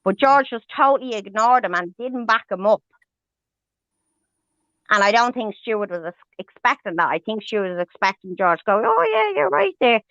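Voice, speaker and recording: A woman's voice: mid-range voice, normal speed, a bit bright, no room sound. Angry swearing woman ranting on a stream. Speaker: livestream host. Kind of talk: heated livestream rant. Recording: dull lo-fi stream audio.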